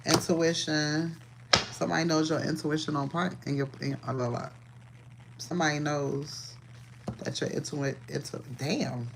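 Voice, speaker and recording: Gravelly woman doing a profane tarot reading. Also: sits low, normal speed, slight background noise. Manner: profane, chatty, laughs often. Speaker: tarot reader. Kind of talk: casual livestream tarot reading.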